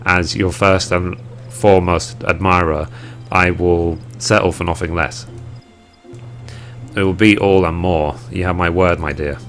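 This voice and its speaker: An elegant merchant lady from a game speaks in formal, flowery turns of phrase, as a man reads her aloud. The voice sits low. Faint music plays underneath. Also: fairly even intonation, a little slow, a bit bright. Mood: gracious. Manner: formal, flowery old-fashioned speech. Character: female merchant consignor, elegant and gracious. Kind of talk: reading game dialogue aloud.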